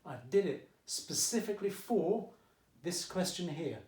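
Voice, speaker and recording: A man's voice: sits high, animated, measured pace, darkish tone, far from the mic. Male maths teacher, Essex accent, jokey and conversational, recorded in an echoey room at home. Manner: chatty and jokey, keeps checking in with "okay?". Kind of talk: casual video lesson. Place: at home during lockdown. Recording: echoey room, mic set back.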